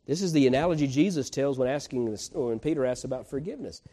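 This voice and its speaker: Folksy preacher with mellow voice. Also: male voice, mid-range voice, quick pace. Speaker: pastor. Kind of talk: sermon.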